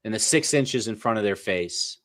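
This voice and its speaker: A man's voice: fairly low pitch, lively intonation, normal speed, a bit bright. A man hosting a casual sports talk show, playful and hyped, with mock-grand praise. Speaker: host.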